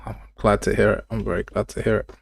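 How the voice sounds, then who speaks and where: A man's voice: on the low side, little pitch movement, fast, vocal fry, breathy edge, no room sound. A young man streaming game development live, chatting casually with viewers and calling them mate and pal. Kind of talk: live coding stream chat.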